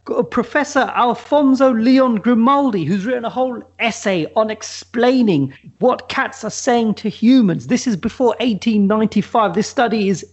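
A man's voice: very high voice, moderate pace, hardly any pauses, darkish tone, husky. A man co-hosting a podcast, telling a comic story in a rambling way with many restarts. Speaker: podcast co-host. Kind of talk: comedic casual chat.

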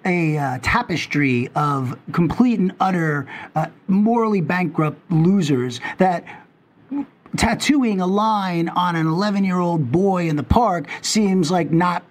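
High-pitched ranting New man. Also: measured pace. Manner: ranting, animated, tangent-prone. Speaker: podcast co-host. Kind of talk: casual podcast chat.

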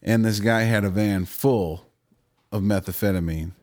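A man's voice: on the low side, normal speed, a little mellow. A man co-hosting a casual podcast, talking in a loose, opinionated and profane way. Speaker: podcast co-host.

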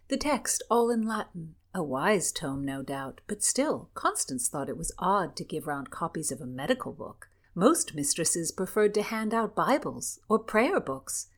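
A woman co-hosting a podcast and reading a historical story aloud in clear, measured narration. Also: lowish voice. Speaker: podcast co-host and reader.

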